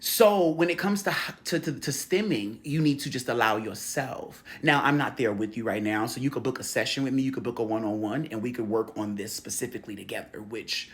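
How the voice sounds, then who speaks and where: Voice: medium pitch, fairly quick, hardly any pauses. A spiritual healer and coach in a casual, slangy talk, swearing freely and laughing often. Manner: profane, animated and laughing, slangy street talk; tells stories acting out quoted voices.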